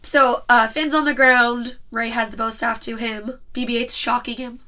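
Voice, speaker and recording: Bright-voiced giggly woman hosting a podcast. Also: fairly high pitch, fairly even intonation, moderate pace. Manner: giggly, retells scenes with lots of "like". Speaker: podcast host. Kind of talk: casual chat.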